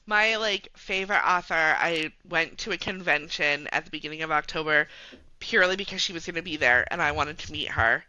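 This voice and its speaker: Bright, chatty woman podcast guest. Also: low voice, brisk, no echo, low-quality recording. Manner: chatty and laughing, many fillers. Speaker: guest, romance bookstore founder. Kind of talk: casual podcast chat.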